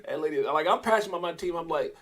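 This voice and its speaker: A middle-aged man hosting a live crypto stream, talking to his chat in an excitable, rambling way. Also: a little high, rapid-fire. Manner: excitable, rambling, talks to chat and reads out posts. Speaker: crypto livestream host. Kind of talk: casual live commentary.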